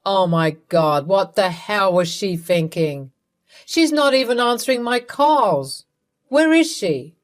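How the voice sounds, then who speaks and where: A woman's voice: medium pitch, animated, slow pace. A woman voicing a husband torn between his wife and his mother. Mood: angry. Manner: anxious and shocked, then apologetic.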